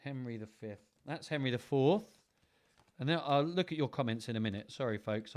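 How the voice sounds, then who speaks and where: A young man hosting a live stream, chatting casually and thinking aloud in a playful way. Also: mid-range voice.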